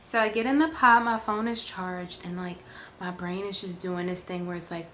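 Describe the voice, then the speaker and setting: A woman vlogger telling a casual storytime, chatty with lots of fillers, acting out quotes with big jumps in pitch. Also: fairly even intonation, normal speed, a bit bright, slight background noise.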